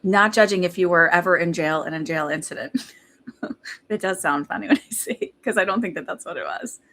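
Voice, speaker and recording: A woman's voice: on the low side, a little fast, sharp tone. A woman giving a psychic reading in casual live-stream chat, rambling with lots of fillers and laughing between thoughts. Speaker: psychic medium.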